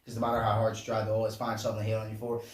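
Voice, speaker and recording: A man's voice: monotone, very fast. Laid-back young man, roomy distant sound. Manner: casual and profane, talks low and paraphrases the lyrics. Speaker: reaction channel host. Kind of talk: casual reaction commentary. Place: home room at night. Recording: echoey room, distant mic, faint noise.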